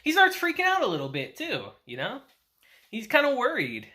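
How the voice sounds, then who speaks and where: A young man talks through an anime episode in a chatty, offhand review, breaking into laughter every few lines. His pitch swings up and down all the time, and his tone is bright and forward. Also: normal speed. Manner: laughs often while recapping, chatty and animated. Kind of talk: casual episode recap and review.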